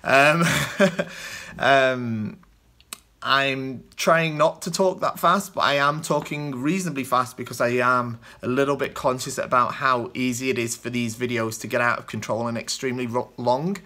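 A man's voice: medium pitch, fairly even intonation, a little slow, pushed and bright. A British man from the UK hosting a kendo show, answering viewer questions in loose, rambling casual chat with many ums and restarts.

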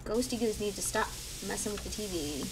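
Chatty and quick to react, a young woman comments on her gameplay as a let's play host, often lowering her voice to mutter. She speaks fairly quickly in a medium pitch with lively intonation, over background noise.

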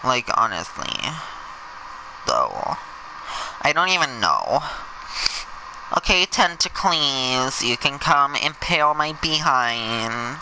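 Campy male let's-play host, over the top, leisurely pace, a very bright voice. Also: mid-range voice, slow pace, long pauses, slight background noise, poor audio. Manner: sassy, camp, over-the-top; shouts bursts of excitement. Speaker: gameplay commentator.

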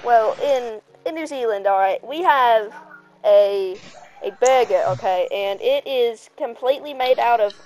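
A woman's voice: on the high side, measured pace, darkish tone, low-quality recording. A woman making prank phone calls, talking in a hesitant, stammering way with lots of fillers. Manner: hesitant, stammering fake-foreigner patter. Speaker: prank caller.

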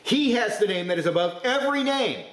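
A man preaching a sermon, forceful, with sudden rises to emphasis. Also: high voice, expressive, fairly quick, roomy sound.

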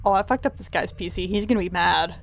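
A woman giving chatty, excitable let's-play commentary as she plays a game, reacting out loud and swearing freely. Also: on the low side, fast, vocal fry, a little hiss or hum. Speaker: gamer playing a game.

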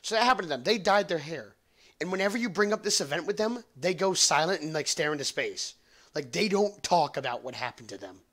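Fairly quick and animated, this young man's voice is on the high side and a bit bright. He hosts a podcast, spinning a rambling, profane story packed with jokes that he laughs at himself.

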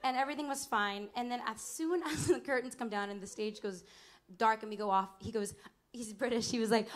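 A woman in her twenties telling a lively, laughing stage story between songs at a small club, acting out other people's lines. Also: on the high side, fairly quick, noisy background. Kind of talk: onstage storytelling banter. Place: small live music club.

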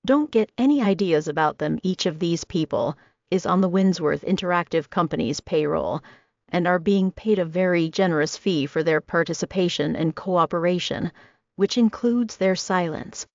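Woman reader as a domineering rich woman, low gravelly voice, condescending orders, storybook read. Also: normal speed, darkish tone, dry recording, lightly acted. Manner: commanding, condescending. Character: cold, domineering wealthy woman hostess. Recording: dry, slightly dull audio.

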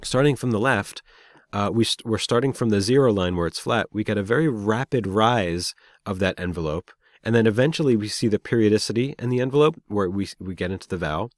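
A man's voice: fairly low pitch, dry recording, studio quality. A man giving a recorded lecture, explaining step by step with frequent fillers and small self-corrections. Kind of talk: recorded lecture on speech acoustics.

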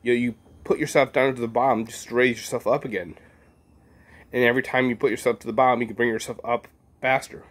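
An earnest man speaking in a casual motivational monologue. He rambles, loops back to the same points and leans on fillers as he goes. His voice sits at an ordinary middle pitch. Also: steady tone, quick pace. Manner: earnest, rambling, repeats himself with many fillers. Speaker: vlogger.

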